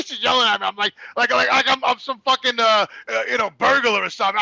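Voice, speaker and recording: High, gravelly man telling a raw story. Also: fairly even intonation, fast, hardly any pauses, sharp tone, no room sound, rough recording. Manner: profane, stammering, repeats words, acts out quotes. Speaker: guest. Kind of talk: candid podcast storytelling.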